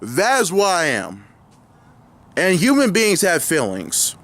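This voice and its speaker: A man's voice: high voice, huge pitch swings, slow pace, fairly bright tone. A young man vlogging outdoors near his home, ranting indignantly and rambling with lots of fillers and restarts. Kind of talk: angry ranting vlog.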